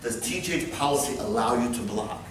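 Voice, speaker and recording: A man in his fifties running a live workplace safety training class, animated and joking as he demonstrates moves. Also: medium pitch, a little fast, slight background noise. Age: 50s. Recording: very echoey room, far mic, faint ambience.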